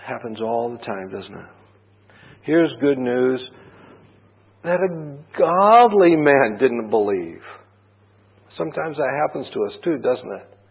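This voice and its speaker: A husky-voiced man preaches in a relaxed, storytelling manner, throwing rhetorical questions at his listeners. His voice comes through a thin, tinny line. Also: medium pitch, slow pace, pauses often. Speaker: pastor. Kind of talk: sermon. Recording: tinny phone-like band.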